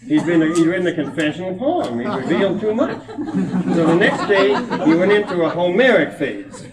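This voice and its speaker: A man's voice: high voice, animated, moderate pace, a loud crowd. A man, a poet from Minnesota, chatting to an audience at a reading and retelling a small child's stories with amusement. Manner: chatty and amused, laughing between anecdotes. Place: college hall before an audience. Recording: roomy echo, distant mic, old reel-to-reel tape.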